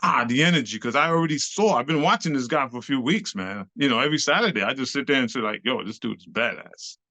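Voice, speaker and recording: A middle-aged man, a club dancer telling a lively, slangy story as an interview guest and acting out the voices of the people in it. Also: medium pitch, fast, dry recording. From New York City. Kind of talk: animated storytelling.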